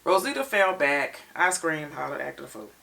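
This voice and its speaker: A woman co-hosting a reaction show, recapping an episode in an animated, detailed storytelling way. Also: deep voice, normal speed, creaky, distant mic. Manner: expressive storyteller, retells scenes in detail.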